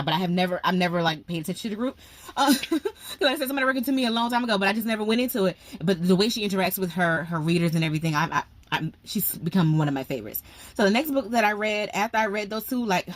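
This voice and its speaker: Chatty woman reviewing books. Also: mid-range voice. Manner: animated, chatty, lots of fillers and asides to viewers. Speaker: book vlogger. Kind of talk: casual book review chat.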